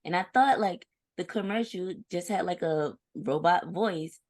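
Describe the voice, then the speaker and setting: A woman podcast co-host with a fairly low voice chats with her guest. She tells stories in an animated, conversational way. The recording is dry and close. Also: a little slow, dry recording. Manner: chatty, storytelling, animated retelling. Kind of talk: casual interview chat.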